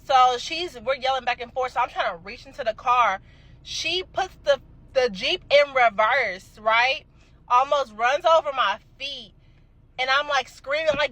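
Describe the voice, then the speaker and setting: A young adult woman telling a casual storytime, animated and emphatic, swearing freely. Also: sits high, a little slow, poor audio.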